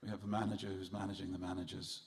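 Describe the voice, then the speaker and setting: Man, low voice, gravelly, festival sermon, joking storyteller, talks to the crowd. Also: level tone, very fast. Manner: humorous storytelling, addresses the audience directly. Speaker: speaker at a temple festival. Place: temple hall with audience.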